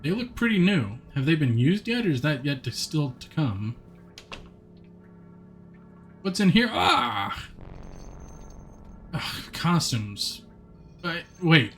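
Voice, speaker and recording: A man livestreaming a game, talking to chat between stretches of reading the story text aloud. His voice sits a little high for a man, and faint game music plays underneath. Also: sing-song, unhurried, pauses often. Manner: chatty, answers chat, reads narration aloud in a plain voice. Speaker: streamer.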